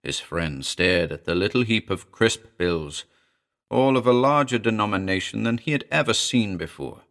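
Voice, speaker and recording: Low-voiced man reading a suspenseful tale. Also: moderate pace. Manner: expressive, suspenseful. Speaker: narrator. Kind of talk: dramatic audiobook reading.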